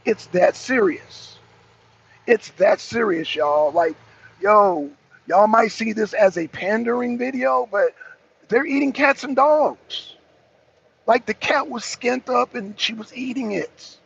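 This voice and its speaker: A man's voice: very high voice, animated, slow, gravelly, a bit bright, breathy edge, highs cut off. A man hosting his own channel, delivering a profane, repetitive, riled-up commentary monologue. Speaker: channel host.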